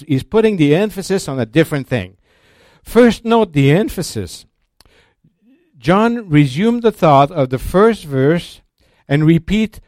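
A man teaching a sermon in a slow, deliberate, emphatic way, restarting his phrases often. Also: fairly high pitch, a little mellow, no room sound, studio quality. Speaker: Bible teacher.

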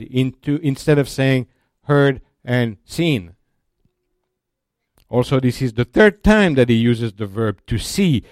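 A man teaching a sermon in a slow, deliberate, emphatic way, restarting his phrases often. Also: medium pitch, animated, darkish tone, dry recording, clean studio sound. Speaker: Bible teacher.

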